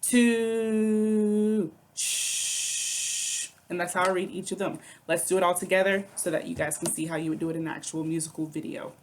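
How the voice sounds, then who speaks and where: A woman's voice: lowish voice, completely flat delivery, racing, few pauses, background noise. A woman teaching a music lesson, patiently explaining rhythms, counting aloud and chanting rhythm syllables. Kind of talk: recorded online music lesson.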